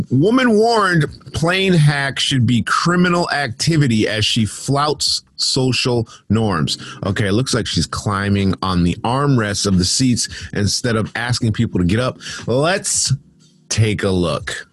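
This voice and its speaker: Sarcastic husky-voiced man riffing on news. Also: medium pitch, lively intonation, unhurried. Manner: sarcastic, rambling asides, laughs at stories. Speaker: podcast host reading news. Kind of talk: casual news commentary. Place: home studio.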